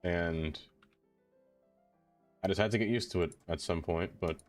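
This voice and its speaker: A low-voiced man talks casually through a live game stream, drifting from topic to topic as he replies to chat. His manner is self-deprecating and loose. Soft music plays faintly underneath. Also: a little slow. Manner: rambling, self-deprecating, answers chat aloud.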